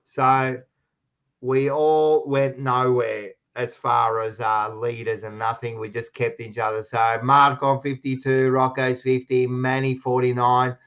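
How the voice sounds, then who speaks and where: A man's voice: medium pitch, flat delivery, a little slow, a bit bright, lo-fi sound. An Australian man co-hosting a casual sports chat show, blunt and teasing, swearing freely. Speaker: co-host. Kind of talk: casual banter.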